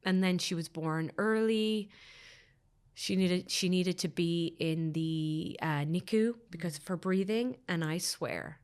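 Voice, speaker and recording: A woman's voice: lowish voice, slow pace, a little mellow, smooth. An Irish woman in her thirties, a podcast guest, earnestly telling a personal story and often repeating her phrases.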